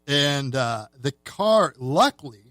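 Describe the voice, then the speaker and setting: A man who is a film director and guest on a podcast, telling an animated behind-the-scenes anecdote in casual chat. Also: mid-range voice, takes it slowly, no echo, faint music behind.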